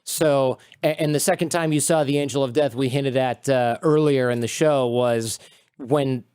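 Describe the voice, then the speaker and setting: A man hosting a podcast, asking measured and curious questions and summing up his guest's story. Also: medium pitch, steady tone, darkish tone, clean tone, dry recording, clean studio sound. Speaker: podcast host. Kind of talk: interview questions.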